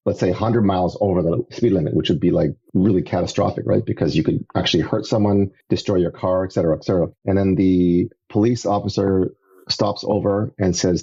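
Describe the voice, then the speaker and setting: A middle-aged man from Canada, a podcast guest telling his faith story in a casual, animated way. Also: low-pitched, a little fast, slightly rough, dull audio. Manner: animated storyteller, acts out voices. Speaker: podcast guest, evangelist turned entrepreneur.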